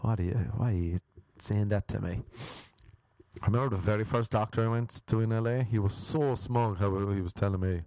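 A man's voice: fairly low pitch, a little fast, a little mellow, no room sound. A young Irish man doing a crude, rambling comic monologue, laughing at his own stories and slipping into mock voices. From Ireland. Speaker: comedian.

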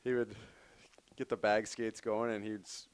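A man's voice: lowish voice, little pitch movement, measured pace, clean tone. A man, a hockey player, telling stories in a casual interview and laughing as he talks. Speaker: professional hockey player guest.

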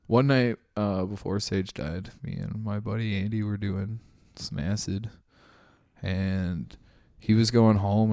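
A man's voice: fairly low pitch, creaky, no room sound. Laughing, storytelling man, dry close sound. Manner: laughs often, swears, animated retelling. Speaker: podcast guest. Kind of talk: casual storytelling.

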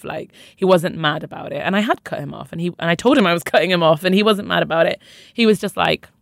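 A woman's voice: low voice, fairly quick, creaky, dry recording. A young woman frankly telling her own story as an interview guest, emphatic and conversational. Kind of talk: candid personal storytelling.

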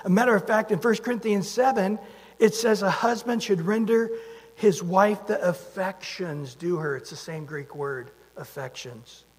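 A man's voice: high voice, moderate pace, breathy edge. A man preaching a sermon in a conversational way, asking his listeners rhetorical questions. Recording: long hall reverb.

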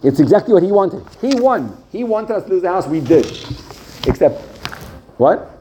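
A man heading a yeshiva and teaching a Torah class to students, telling stories in an animated, conversational way. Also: sits high, moderate pace, slight background noise. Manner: animated, conversational, acts out the voices in his stories.

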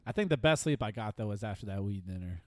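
A young man in casual chat with friends, excitable and swearing, laughing often. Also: fairly low pitch, fast, no echo, studio quality.

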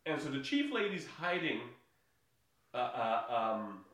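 A man's voice: medium pitch, sing-song, unhurried, fairly bright tone, distant mic. A man recapping a movie in casual podcast chat, rambling with many fillers and laughing often. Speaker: podcast co-host. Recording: echoey room, voice off-mic.

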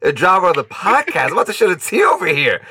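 A man's voice: high voice, sing-song, fast, sharp tone, a little hiss or hum. A man hosting a podcast, reacting emphatically and easily moved, swearing freely in casual chat. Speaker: podcast host.

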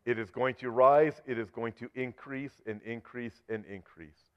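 Male preacher, mid-pitched, earnest teaching voice that swells when he reads scripture; slightly muffled lo-fi sound. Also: fairly even intonation, moderate pace, clean tone. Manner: earnest, rises loud when reading scripture aloud. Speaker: Bible prophecy teacher. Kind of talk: sermon-style teaching. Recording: slightly dull lo-fi audio.

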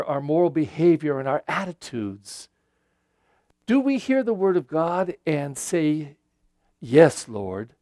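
A man's voice: fairly high pitch, no echo, studio quality. A pastor in his seventies giving a Sunday homily in a conversational, folksy way, with frequent fillers.

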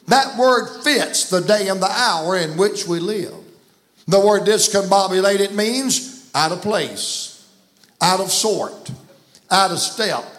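A man's voice: high voice, fairly bright tone. A man with a Southern American accent preaching a folksy, emphatic sermon in a church. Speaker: guest preacher. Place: church sanctuary.

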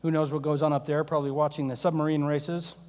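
A man's voice: a little high, level tone, fast, a little mellow. A male pastor preaching a sermon, telling stories with wry jokes. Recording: long hall reverb.

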